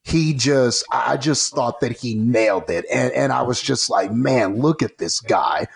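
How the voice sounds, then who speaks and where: A male podcast host with a strongly gravelly, fry-filled voice at a middle pitch. He talks in a measured, appreciative way and often drops in a "you know.". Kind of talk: casual interview chat.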